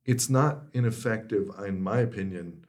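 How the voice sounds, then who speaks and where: A man with a fairly low voice hosts a podcast interview. He speaks in a measured, reflective way and leans on "you know" as he works through his points. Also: darkish tone. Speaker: podcast host.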